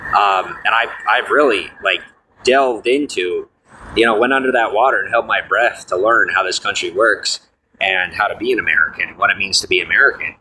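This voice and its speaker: A fairly low-voiced young man rambles to his viewers, stopping and restarting with lots of fillers. He sounds preachy and defiant, and faint street noise runs under him. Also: normal speed, bright, forceful tone, low-quality recording.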